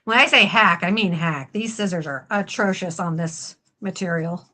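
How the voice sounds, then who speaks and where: A woman's voice: lowish voice, moderate pace, pushed and bright. A woman hosting a crafting livestream, chatting casually and self-deprecatingly while she works on a costume. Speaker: livestream host and prop maker.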